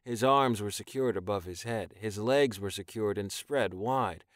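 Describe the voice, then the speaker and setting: A man reading an audiobook in even, measured scripted narration. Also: fairly low pitch, no room sound, clean studio sound.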